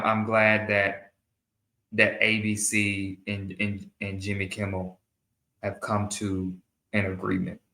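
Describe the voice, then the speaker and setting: A man's voice: lowish voice, sharp tone, echoey room. A man hosting his own show, giving earnest opinion commentary in a monologue and often repeating and restarting his phrases. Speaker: show host.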